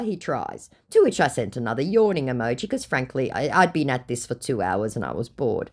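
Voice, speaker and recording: A woman hosting her channel, retelling a scammer chat in a sarcastic, expressive way. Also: low voice, fairly quick. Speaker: channel host.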